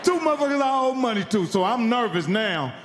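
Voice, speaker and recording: A man's voice: extremely high pitch, sing-song, fairly quick, long reverb tail, a little hiss or hum. A man from Indiana doing stand-up, telling a profane story and acting out the other people in it. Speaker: stand-up comedian. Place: live comedy venue.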